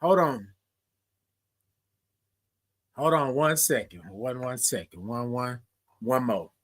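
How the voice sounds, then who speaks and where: A man's voice: mid-range voice, expressive, slow pace. A middle-aged man, hosting a morning livestream in a chatty, repetitive way and singing his greetings. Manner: chatty, repeats phrases, sings his greetings. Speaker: livestream show host. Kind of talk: casual livestream talk.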